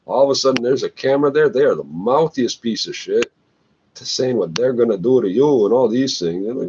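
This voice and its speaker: A man's voice: medium pitch, animated, brisk, a little mellow, lo-fi sound, a little hiss or hum. A man ranting bluntly to camera, swearing often and tagging lines with "eh". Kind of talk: rambling profane rant to camera.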